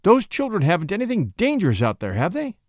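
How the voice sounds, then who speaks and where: A man's voice: sits high, huge pitch swings, fast talker, no room sound, clean studio sound. A man reading a story aloud, voicing a frightened mother whose cries grow urgent and frantic. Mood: uneasy. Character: frightened woman, a mother sensing danger. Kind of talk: audiobook reading.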